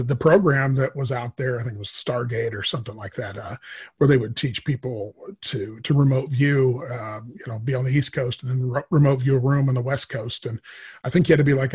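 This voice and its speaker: Middle-aged man, husky voice, rambling casual storytelling, lots of pauses, podcast guest. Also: medium pitch, darkish tone. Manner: rambling, many filler pauses.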